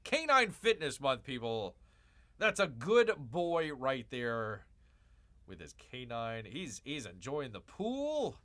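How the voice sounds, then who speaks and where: A male livestream host with a lively, swooping delivery and a bright, forceful tone. He jokes his way through casual commentary, calling himself Bear. He drifts into rambling asides and repeats his own lines. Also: medium pitch, slow pace. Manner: joking, calls himself Bear in third person.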